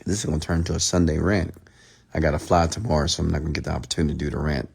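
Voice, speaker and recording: A man giving a late-night motivational livestream rant as a mentor, speaking straight to his listeners. He repeats phrases, swinging from loud pleading to a hushed, close tone. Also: very deep voice, flat delivery, rapid-fire, creaky, breathy edge. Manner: repetitive, direct address to the listener.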